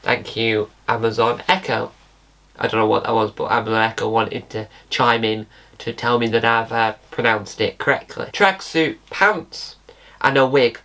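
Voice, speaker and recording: A man's voice: fairly low pitch, completely flat delivery, normal speed, creaky, a bit bright. A British man hosting his own channel with casual solo commentary, rambling and correcting himself, spelling words out. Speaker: channel host.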